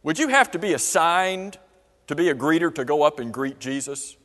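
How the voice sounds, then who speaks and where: A man's voice: on the high side, moderate pace, fairly bright tone. A man teaching a church Bible class, asking the class question after question. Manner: asks the class many questions. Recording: long reverb of a church hall.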